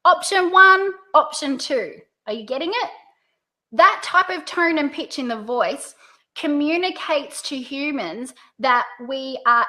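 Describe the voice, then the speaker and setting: An Australian woman coaching direct sellers in a video lesson, upbeat and playing up her rising and falling pitch. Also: sharp tone. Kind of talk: video tutorial.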